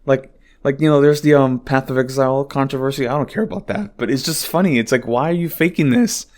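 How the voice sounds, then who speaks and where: A man talking solo on his podcast at home, rambling and exasperated. He swears a lot and leans on filler words, in a voice of middling pitch. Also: brisk, a little mellow. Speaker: podcast host. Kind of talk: casual solo podcast monologue.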